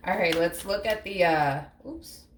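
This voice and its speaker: Woman, tarot reader, casual chat, blunt, swears a lot, lowish voice, echoey room. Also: unhurried. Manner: chatty, blunt, swears freely; acts out imagined reactions in quotes. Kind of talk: casual tarot reading to camera. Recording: echoey room with faint hum.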